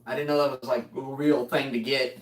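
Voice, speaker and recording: A man's voice: mid-range voice, level tone, fairly quick. A young man telling a rambling, joking story as a vlogger, often breaking into laughter. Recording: roomy, voice distant from mic.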